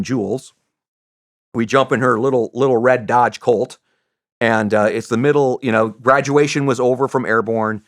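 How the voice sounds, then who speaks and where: A middle-aged American man, a retired soldier, telling a story as a podcast guest in an animated, rambling way with restarts and swearing. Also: on the low side, no echo, clean studio sound. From United States. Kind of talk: casual anecdote telling.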